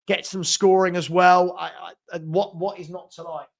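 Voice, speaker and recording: Reading live chat into his desk mic, a young fan channel host chats loosely during a watchalong, with plenty of ums and restarts. His voice sits high for a man but sounds gravelly, with flat delivery at normal speed.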